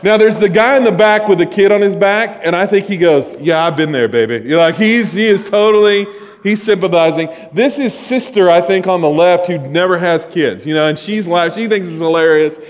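Male pastor, 40s, upbeat sermon with jokes and stories, slightly high voice, long church reverb. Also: moderate pace. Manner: joking, storytelling, talks to congregation. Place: church sanctuary.

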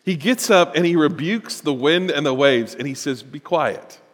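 Animated male preacher in a reverberant hall. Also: on the high side, normal speed. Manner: animated, rising to emphatic bursts, with chuckles and repetitions. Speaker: pastor. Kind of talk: sermon. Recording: long reverb of a large hall.

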